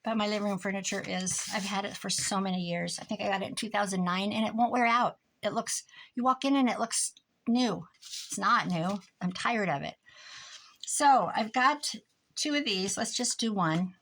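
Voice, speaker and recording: A woman's voice: mid-range voice, normal speed, a bit bright, poor audio. A middle-aged woman with a Midwestern American accent, chatting casually to her viewers while she crafts in her craft room, rambling and laughing often. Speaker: crafting vlogger.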